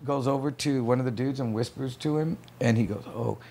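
Gravelly man telling a wild story. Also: medium pitch, a little fast. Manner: animated storyteller acting out others' voices. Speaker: podcast guest. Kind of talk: casual storytelling.

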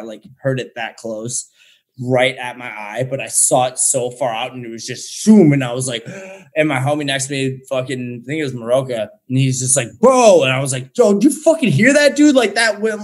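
A man's voice: medium pitch, steady tone, moderate pace. A young man, a podcast guest on a remote call, telling a story in a loose, slangy way and swearing heavily. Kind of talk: casual storytelling.

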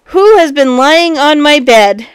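A woman voicing a great big male bear in a storybook, cross and booming, with a loud, slow, emphatic delivery. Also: animated, dry recording, clean studio sound.

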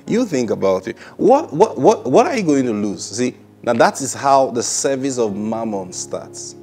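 A man's voice: medium pitch, very animated, normal speed, warm tone, husky, soft background music. A man preaching a sermon in a plain, conversational manner, often repeating his phrases.

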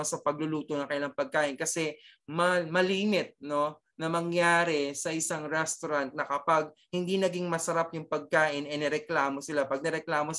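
A Filipino-accented teacher lectures an online cookery class, moving between English and Tagalog. The delivery is halting and full of fillers and restarts, with nearly every phrase opened by "okay" or closed by "no?". The pitch sits in an ordinary middle range. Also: fairly bright tone.

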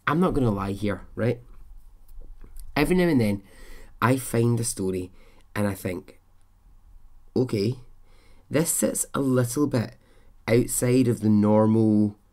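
This podcast host is a middle-aged man with a mid-range, darkish-toned voice. His casual monologue comes across as candid and chatty, full of self-questioning.

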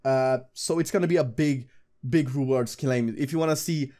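A young man giving casual, excitable commentary while gambling, swearing and talking to the game. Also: mid-range voice, normal speed. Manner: excitable, swearing, talks to the screen. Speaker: gambling streamer. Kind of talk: casual live slot commentary.

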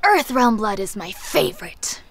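A woman's voice: medium pitch, very animated, unhurried, slight background noise. An actress playing a flirty female assassin, breezy and offhand in a comedic fan film.

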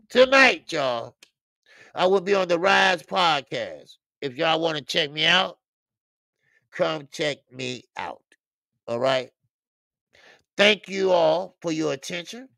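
A man's voice: on the high side, creaky, a bit bright, no echo. A man hosting a boxing livestream in loose, talkative chat, laughing often and repeating himself. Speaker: boxing channel host.

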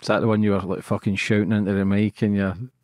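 A man's voice: on the low side, level tone, quick pace, a little mellow, no echo, clean studio sound. A man hosting a podcast, talking bluntly and swearing casually. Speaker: podcast host.

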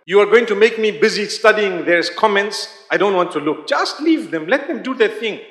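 High-voiced man lecturing in an echoey hall. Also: lively intonation, moderate pace, a bit bright. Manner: conversational, often asks the audience questions. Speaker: Islamic lecturer. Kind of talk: live religious lecture to an audience. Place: large hall.

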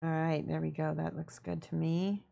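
A young woman casually explaining her painting as she works, chatty and relaxed, answering her viewers and laughing often. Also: deep voice, normal speed, creaky, lo-fi sound. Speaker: miniature painting streamer. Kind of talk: casual painting tutorial chat.

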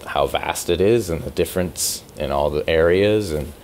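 A man's voice: very deep voice, moderate pace, a little mellow, a little hiss or hum. A man talking casually as an interview guest, rambling with repeated words and easy laughs. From Canada. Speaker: podcast host as interview guest. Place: music store.

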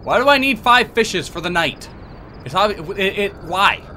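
A man's voice: sits high, lively intonation, moderate pace, pushed and bright, slight background noise. A man playing a horror game, giving casual commentary with sarcastic, muttered asides. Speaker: let's play gamer.

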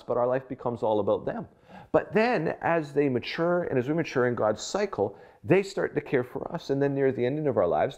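A middle-aged man preaches a short devotional in an easy, conversational way. He weaves in family stories and now and then acts out what people said. His voice sits in an ordinary middle pitch. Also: a little mellow. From Canada. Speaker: pastor. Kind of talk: devotional sermon.

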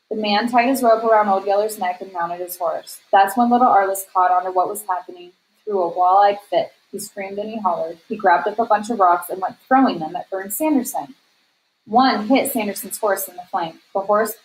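A woman reading a novel aloud at a steady, measured storytelling pace. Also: mid-range voice, low-quality recording. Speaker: reader.

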